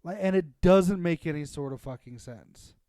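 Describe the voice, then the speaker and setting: A man's voice: fairly high pitch, moderate pace, dark tone, dry recording, rough recording. A man co-hosting a casual podcast, talking emphatically and ranting with plenty of swearing. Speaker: podcast co-host. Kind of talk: casual chat.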